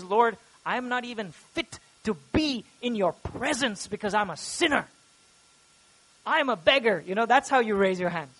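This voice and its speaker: High-voiced man preaching a sermon. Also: low-quality recording. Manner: earnest, animated preaching, rising loud on quoted prayers. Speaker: pastor.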